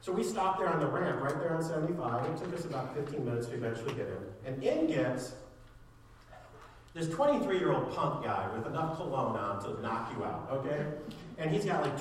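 A male pastor preaching a sermon, animated while telling a story and soft and earnest when he makes his appeal. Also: medium pitch, brisk. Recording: echoey room mic from a distance with background noise.

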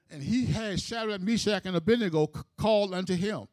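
Male preacher, high voice, emphatic storytelling sermon, dry close sound. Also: fairly quick, few pauses, a little mellow, dry recording. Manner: storytelling, emphatic, rhythmic phrasing.

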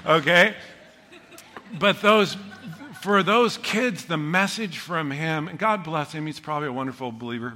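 Middle-aged male pastor with a bright, lively delivery, preaching in a reverberant hall. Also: on the high side, slight background noise. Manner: storytelling, animated, self-deprecating humor. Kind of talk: sermon.

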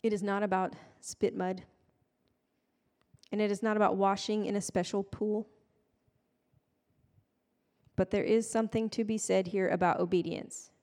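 A woman's voice: medium pitch, level tone, measured pace, pauses often, a little mellow. A woman giving a casual, conversational sermon with playful, self-deprecating asides. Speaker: preacher. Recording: long hall reverb.

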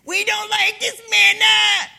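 A man's voice: very high-pitched, monotone, slow pace, gravelly, bright, forceful tone, pitched above the performer's own voice, full character voice. A man putting on the voices of ancient Israelites, wailing and crying out in complaint.

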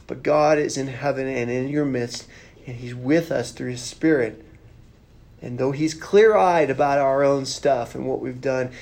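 A pastor giving a conversational sermon, earnest and plain-spoken, with rhetorical questions and repeated phrases. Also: male voice, mid-range voice, a little mellow.

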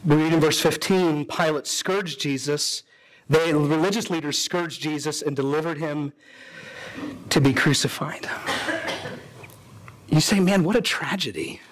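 Slightly slow and pausing often, a pastor preaches a sermon over slight background noise. He tells a story with dramatic flair, his voice leaping up and dropping suddenly as he voices the characters.

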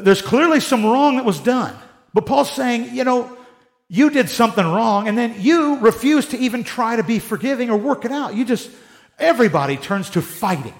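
Animated, high-voiced male Bible teacher. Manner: animated, joking, acts out quotes in voices.

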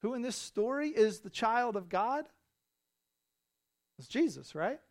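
A male pastor delivering a sermon in a church, building to loud, emphatic repeated phrases. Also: very high-pitched, very animated, unhurried. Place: church sanctuary.

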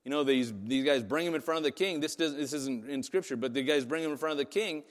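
A man's voice: on the high side, quick pace, long reverb tail. A man preaching a sermon in a casual, conversational way, often asking "right?" to his listeners. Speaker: pastor.

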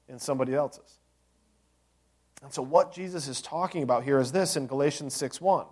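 A man's voice: medium pitch, brisk, pauses often, a little mellow, breathy edge. A man preaching a sermon as a pastor, conversational, with joking asides and rhetorical questions to the congregation.

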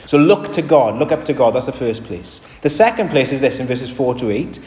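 A man's voice: mid-range voice, big pitch swings, a little fast, a little mellow, a little hiss or hum. A man delivers a sermon in an earnest, conversational manner, lifting and dropping his emphasis as he makes each point. His mid-range voice rings out in a church with a long, roomy reverb. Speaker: preacher. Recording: echoey church hall.

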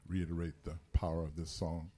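A man's voice: deep voice, little pitch movement, fairly quick, warm tone, husky. A man giving an earnest personal testimony in a church service before a worship song. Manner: earnest storytelling, exhorting.

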